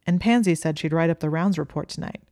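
A woman voicing a smooth, insincere teenage boy who wheedles and pushes. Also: low-pitched, fast, mellow, no room sound, studio quality. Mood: eager. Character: smooth insincere young male student, wheedling.

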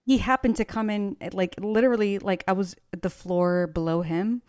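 A woman's voice: mid-range voice, steady tone, normal speed, darkish tone, no room sound, clean studio sound. A woman guest on a talk show, chatting casually and acting out the people she quotes, laughing often. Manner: bubbly, laughs a lot, acts out quoted people. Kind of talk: casual storytelling.

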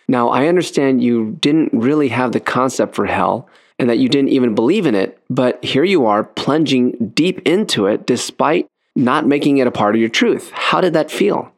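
A man hosts an interview program, speaking in a measured way at an ordinary middle pitch. He sums up what his guest said before asking the next question. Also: animated. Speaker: host. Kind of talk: interview talk show.

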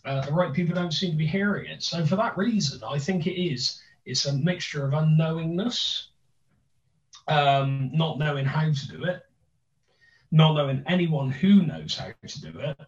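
A man's voice: on the high side, animated, moderate pace. A young man with a thick Bristolian accent, chatting casually as a podcast host, rambling with many restarts and fillers. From Bristol, England. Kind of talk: casual chat. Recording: roomy, distant, dull sound.

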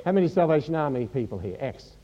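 A man preaching a sermon, animated and joking with the congregation. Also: fairly high pitch, fast, lo-fi sound. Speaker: pastor.

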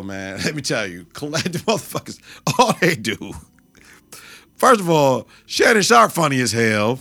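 Gravelly, animated man podcast host. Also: fairly high pitch, no echo. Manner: animated, profane, laughing storyteller. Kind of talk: casual solo podcast rant.

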